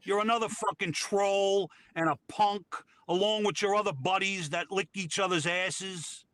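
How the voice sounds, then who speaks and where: A man's voice: high voice, fairly even intonation, unhurried, fairly bright tone, no room sound. A man from Georgia co-hosting a casual livestream chat, profane, blunt and combative. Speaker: co-host.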